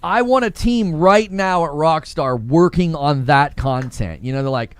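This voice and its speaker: A man hosting a gaming livestream, chatting casually and acting out little jokey scenes in quick voices. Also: a little high, clean tone, no echo. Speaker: livestream host reacting to gaming videos.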